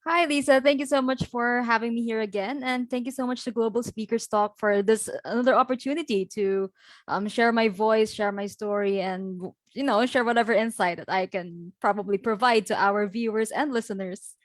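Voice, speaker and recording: Guest, young woman from the Philippines, higher voice, chatty, dry video-call sound. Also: fairly even intonation, normal speed, dry recording. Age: young adult. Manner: chatty, many fillers, laughs. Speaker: guest speaker. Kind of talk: casual interview chat.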